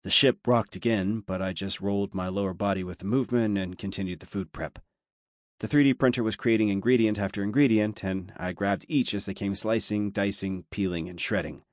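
A man reading a story aloud as an audiobook narrator, steady and measured. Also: on the low side, no echo, studio quality. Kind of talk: scripted narration.

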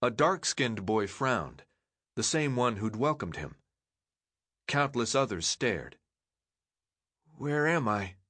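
A man narrating an audiobook in an expressive storytelling manner. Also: medium pitch, slow, breathy edge, dry recording.

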